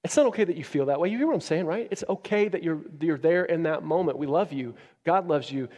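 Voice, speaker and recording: A man preaching a sermon as a pastor, moving from loud, emphatic peaks down to quiet, low passages. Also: expressive, quick pace, big-room sound. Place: church.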